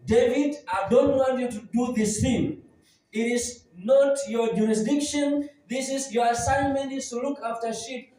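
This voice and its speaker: A man's voice: extremely high pitch, a little slow, warm tone. A man playing an angry, scornful older brother who belittles his younger brother. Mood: scolding. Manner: scolding, belittling. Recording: very echoey church hall, mic at a distance.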